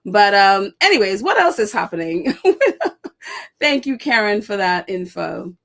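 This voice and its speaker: A woman's voice: mid-range voice, very animated, normal speed, vocal fry, fairly bright tone. A woman hosting a casual live stream, reading viewer comments and chatting with frequent laughs, fillers and sarcastic asides. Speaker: host.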